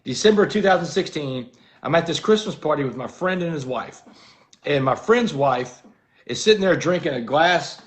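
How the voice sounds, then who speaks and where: Earnest man telling a story, higher voice. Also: animated, moderate pace. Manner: earnest, keeps saying "man". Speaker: interview guest. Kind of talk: personal storytelling in a conversation.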